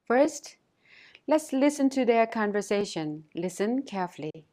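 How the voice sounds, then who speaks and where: A woman's voice: fairly high pitch, very animated, unhurried, warm tone. A woman teaching a language course in a scripted, instructional delivery, carefully modelling pronunciation and repeating words for learners.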